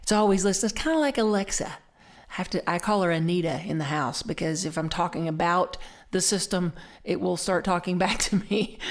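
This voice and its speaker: A middle-aged woman with a Southern accent gives a conversational sermon, reflective, slowing down and repeating key phrases for emphasis. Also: fairly low pitch. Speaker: minister.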